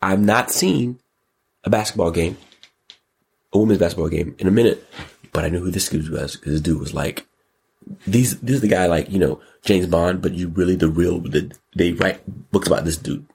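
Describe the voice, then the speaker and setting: A man hosting a casual commentary show, excitable and jokey, breaking into sudden squeals and exclamations. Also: low voice, normal speed, creaky, slightly rough. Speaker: podcast host.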